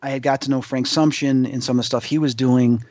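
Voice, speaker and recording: A male guest telling an excitable, rambling story as a paranormal investigator, acting out other people's voices. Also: mid-range voice, brisk, no room sound, muffled recording. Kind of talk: animated anecdote storytelling.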